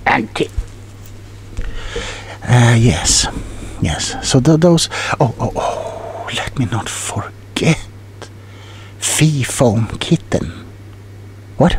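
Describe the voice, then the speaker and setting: Man playing a rambling, gravelly tingle salesman, whispered role-play. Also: mid-range voice, expressive, takes it slowly, pauses often. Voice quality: soft whispering. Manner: rambling, scatterbrained, stumbling over words. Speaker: ASMR role-play performer.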